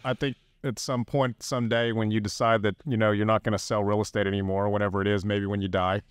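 A man's voice: fairly low pitch, dry recording. A man hosting a podcast, chatty and enthusiastic, telling stories in casual conversation. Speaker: podcast host.

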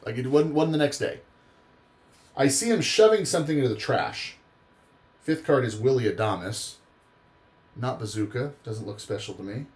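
A man's voice: medium pitch, moderate pace, pauses often, darkish tone. A tired man hosting a live card-break stream, chatting casually and rambling into long personal stories. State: tired after a long day.

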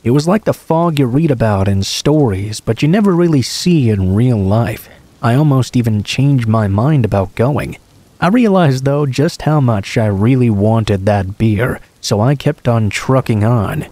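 A man narrating true horror stories in a steady, casual first-person telling. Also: mid-range voice, measured pace. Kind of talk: reading true scary stories aloud.

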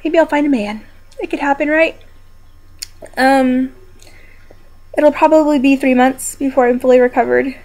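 A woman's voice: high voice, fairly even intonation, normal speed, pauses often. A young woman talking casually to her viewers from home while injured and in pain, rambling but upbeat. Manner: chatty, rambling, quietly upbeat despite pain. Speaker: video blogger. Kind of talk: casual personal vlog. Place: downstairs room at home.

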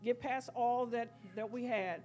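High-voiced woman testifying over church music. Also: a little slow. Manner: rambling, excited storytelling with quoted dialogue. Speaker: church member giving testimony. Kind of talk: spoken testimony at a worship service. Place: church sanctuary.

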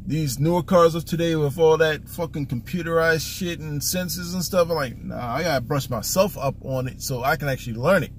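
A man's voice: a little high, brisk, few pauses, slight background noise. A man telling a story as a casual, profane rant in a car, exasperated and acting out the back-and-forth dialogue. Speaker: vlogger.

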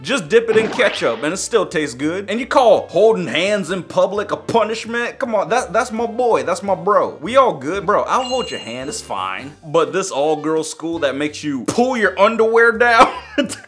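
A young man, a YouTuber, giving goofy comedic reaction commentary with sudden squeaky outbursts. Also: big pitch swings, normal speed, fairly bright tone, soft background music.

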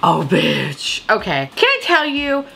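A woman hosting a casual beauty chat, talking about makeup releases with heavy swearing, laughter and tipsy, excitable gushing. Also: lowish voice, slow pace, gravelly, music in the background. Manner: animated, swearing, laughing, drinking. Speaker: beauty video host.

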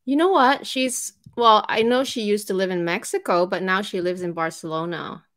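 A woman from Canada hosting a casual livestream chat, friendly and quick to laugh. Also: mid-range voice, fairly bright tone. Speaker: host.

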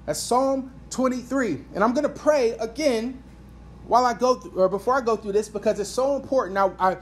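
Reading her sermon and prayer off an iPad at church, this female pastor speaks with earnest repetition to stress her points. She talks fairly quickly in a slightly high voice, and there's a bit of background noise.

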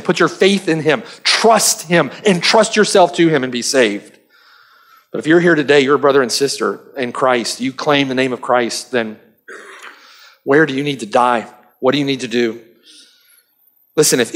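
A man preaching a sermon as pastor, swinging from raised, urgent appeals to low, quiet questions.

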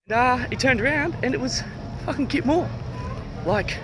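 An Australian man casually vlogging into his phone at an outdoor festival, chatty and quick to swear and laugh. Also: mid-range voice, lively intonation, heavy background noise. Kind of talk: casual selfie vlog. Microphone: phone held at arm's length.

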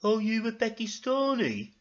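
Guy doing a fussy lady cow, loud n flustered, muffled recording. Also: sits high, big pitch swings, normal speed, pitched above the performer's own voice.

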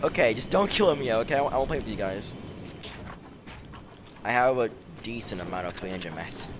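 An excitable man talks through his gameplay in casual commentary and yells at his teammates when a fight heats up. His pitch swoops up and down a lot. Loud game sounds play over his voice. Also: brisk, noisy background. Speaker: gaming video creator.

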